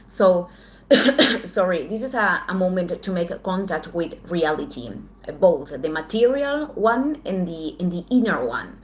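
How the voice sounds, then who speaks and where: A woman who speaks English as a second language gives a weekly astrology forecast, halting and searching for words with frequent restarts. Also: lowish voice, big pitch swings. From Southern Hemisphere. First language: not English. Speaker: astrology channel host.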